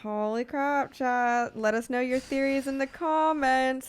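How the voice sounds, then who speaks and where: A woman co-host chats casually about the novel she is reading. Her voice sits a little high and sounds smooth and clear. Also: steady tone, a little slow. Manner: chatty, reacting to the book. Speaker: podcast co-host. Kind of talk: casual chat.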